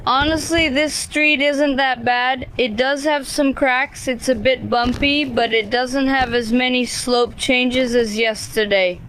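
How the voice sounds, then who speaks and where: A woman casually vlogging on a cycling trip, calmly explaining the road and plans. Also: high-pitched, takes it slowly, few pauses, a little hiss or hum, poor audio. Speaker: travel vlogger. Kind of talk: casual travel vlog chat.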